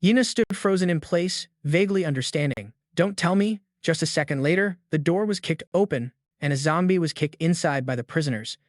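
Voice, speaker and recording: A man narrating a scripted comic recap in a steady storytelling voice. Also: fairly high pitch, brisk, few pauses, no room sound, clean studio sound.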